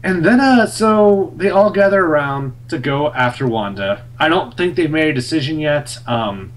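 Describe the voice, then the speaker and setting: Animated young man recapping a comic. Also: fairly high pitch, moderate pace. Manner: animated storyteller, many fillers, laughs often. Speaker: podcast co-host reviewing a comic. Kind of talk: casual chat.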